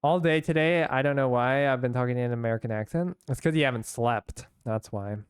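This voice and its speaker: A man's voice: mid-range voice, brisk, clear, resonant tone, no echo, studio quality. Chatty young man streaming a game. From San Francisco, US. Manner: chatty, rambling, reacts to chat with laughs. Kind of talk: casual live-stream chat while playing.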